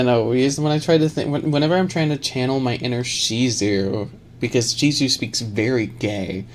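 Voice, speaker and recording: A male ASMR streamer chats casually on camera, rambling, joking and laughing a lot. His mid-range voice is a little mellow, and the low-quality recording carries noticeable background noise.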